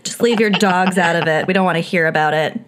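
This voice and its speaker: A woman's voice: fairly low pitch, fast, a bit bright. A woman co-hosting a podcast, teasing the others in casual chat. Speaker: podcast co-host.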